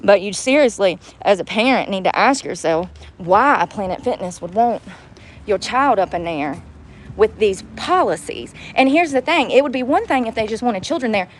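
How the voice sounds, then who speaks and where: A woman's voice: medium pitch, animated, moderate pace, a little hiss or hum. A woman ranting heatedly on a casual livestream, swearing often and repeating herself for emphasis. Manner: heated, profane, repetitive. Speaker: livestream host.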